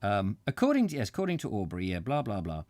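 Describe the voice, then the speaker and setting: Middle-aged male host, rambling and chatty, very animated pitch, dry close sound. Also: fast talker, no echo. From Britain. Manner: rambling, self-interrupting, chatty asides. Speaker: reader and host. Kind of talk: live reading with chat comments.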